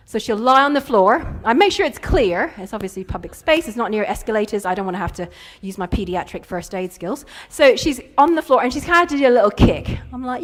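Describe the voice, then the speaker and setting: A woman's voice: fairly high pitch, sing-song, a little fast, hardly any pauses. A woman, telling playful stories in a conference keynote. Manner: playful storytelling with acted-out quotes. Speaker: keynote speaker.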